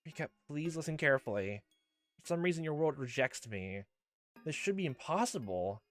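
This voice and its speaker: A man voicing a gentle girl spirit in a game playthrough, speaking softly and calmly as she calls out. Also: a little high, normal speed, faint music behind. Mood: calm urgency. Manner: soft, calm and pleading. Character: gentle faint girl spirit calling from afar.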